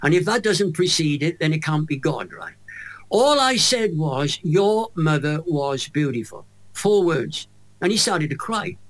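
A Welsh man in his eighties, a guest in an interview, telling a faith story with lively storytelling. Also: fairly high pitch, a little slow. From Wales. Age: 80s. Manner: animated storyteller acting out quoted voices.

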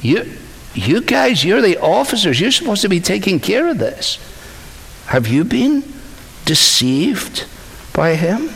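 A man's voice: lowish voice, expressive, a little slow, gravelly, a bit bright, pitched below the performer's own voice, full character voice. A man voicing indignant religious leaders who scold their officers, questioning them in disbelief. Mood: exasperated. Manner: exasperated, incredulous questioning. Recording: long hall reverb.

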